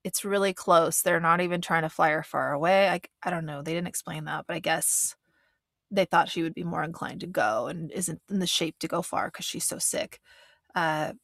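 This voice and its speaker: A woman's voice: sits low, moderate pace, vocal fry, fairly bright tone, dry recording, clean studio sound. A woman giving casual, earnest commentary on a reality show, rambling with frequent restarts and getting emotional.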